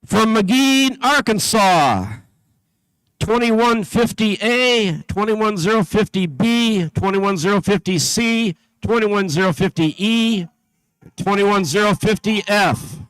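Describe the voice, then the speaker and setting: High-voiced man announcing teams. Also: takes it slowly, fairly bright tone, clear, resonant tone, no room sound, low-quality recording. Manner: reads a list steadily, with small slips and asides. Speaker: event announcer. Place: event venue.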